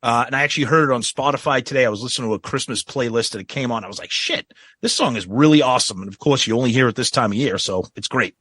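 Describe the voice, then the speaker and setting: Podcast co-host, man, gushing music fan, bright forward tone, dry close mic. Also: mid-range voice, fast talker, slightly rough, dry recording. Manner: enthusiastic, gushing fan talk. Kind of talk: casual chat.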